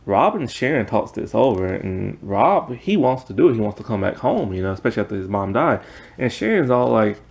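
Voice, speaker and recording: A man's voice: on the low side, big pitch swings, fairly quick, vocal fry, a little mellow. A man giving a casual, rambling recap of a TV episode, peppered with "like" and laughing at the plot. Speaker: TV show reviewer.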